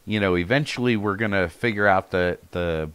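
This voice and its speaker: A man's voice: low-pitched, moderate pace, fairly bright tone, smooth, dry recording. A man in a casual podcast chat, blunt and opinionated, swearing freely.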